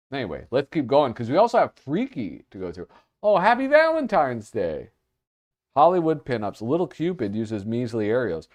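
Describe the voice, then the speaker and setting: A man's voice: medium pitch, darkish tone. A man hosting a livestream, chatting casually as he flips through art. He gets distracted easily and reads out chat comments. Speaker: livestream host.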